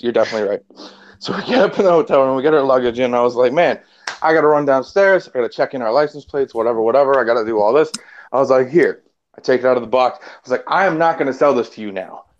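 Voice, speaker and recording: Animated man telling a story, lo-fi. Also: mid-range voice, fast. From Canada. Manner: animated, profane, laughs often, acts out quotes. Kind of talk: casual storytelling chat. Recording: dull lo-fi sound.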